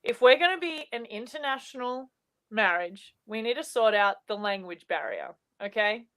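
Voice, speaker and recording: A woman's voice: fairly high pitch, expressive, moderate pace, fairly bright tone, clean tone. A woman playing a brash, bossy survivalist in an improvised comedy show, teasing and giving orders.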